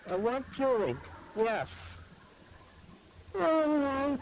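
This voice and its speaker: A man on an archived voice-chat call, pleading and breaking into angry shouting. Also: very high-pitched, lively intonation, extremely slow, slight background noise. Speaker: person on a prank call. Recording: dull lo-fi voice-chat audio.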